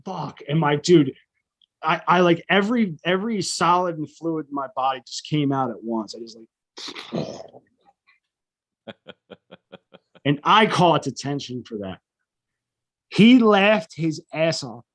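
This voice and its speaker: A man's voice: on the high side, animated, measured pace, pauses often, a bit bright. A middle-aged man, a podcast co-host, telling a profane story in casual chat and acting out the people in it.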